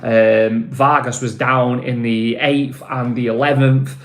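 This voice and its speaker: A man's voice: medium pitch, flat delivery, takes it slowly, fairly bright tone, reverberant. A man with a northern English accent hosting a casual phone livestream, chatting loosely and reading viewers' comments aloud. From northern England. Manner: chatty, rambling, reads viewer names aloud. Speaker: livestream host. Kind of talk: casual live-stream chat reading comments.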